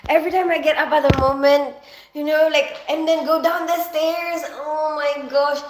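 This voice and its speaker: A middle-aged Filipina woman hosts a casual livestream from her home kitchen, chatting away and reading out viewer comments as she greets people by name. Her voice is high-pitched and steady in tone, her pace moderate, with a noisy background behind her.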